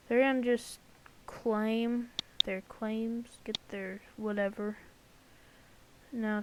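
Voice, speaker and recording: Rambling, jokey woman with a higher voice. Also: a little hiss or hum, rough recording. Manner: rambling and jokey, with many fillers and sound effects. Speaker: channel host. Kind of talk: casual commentary over an alternate-history map.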